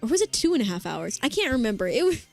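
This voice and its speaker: A bubbly woman streaming and chatting casually with her viewers, her voice pitched a little high. She rambles along with plenty of fillers and restarts, and quiet music plays underneath. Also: sing-song, fast talker, vocal fry. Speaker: vtuber streamer. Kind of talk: casual chat with live chat. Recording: faint background music.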